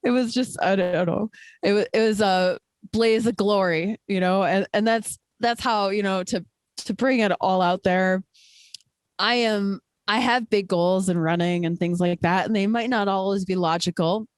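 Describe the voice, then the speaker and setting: A woman's voice: medium pitch, normal speed, no echo. A woman guest, a trail ultrarunner, talking candidly and emphatically in a casual interview, with many fillers.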